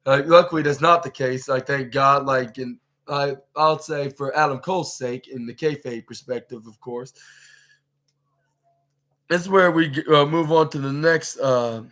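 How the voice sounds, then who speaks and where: A man hosting a podcast, recapping a wrestling show in a halting, rambling way with many fillers and restarts, acting out what the wrestlers said. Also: mid-range voice, fairly bright tone. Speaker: podcast host.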